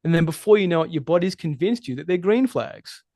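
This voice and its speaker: Gravelly, emphatic male coach. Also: fairly high pitch, fairly quick, no room sound, clean studio sound. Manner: animated, emphatic, swears freely. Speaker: podcast guest, relationship coach. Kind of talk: casual interview conversation.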